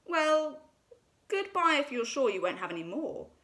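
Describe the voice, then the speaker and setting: A woman doing a storybook rabbit, male, prim, fussy, lively delivery. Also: sits high, normal speed, voice pushed up, heavily acted. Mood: polite.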